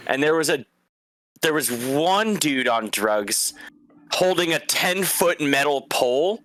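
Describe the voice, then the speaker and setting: A young man spinning casual stories with a bright, forceful edge to his voice. He swears freely, laughs often and slips into the voices of the people he describes. The sound is dry and close. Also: on the high side, lively intonation, measured pace, no room sound. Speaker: guest. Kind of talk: casual storytelling.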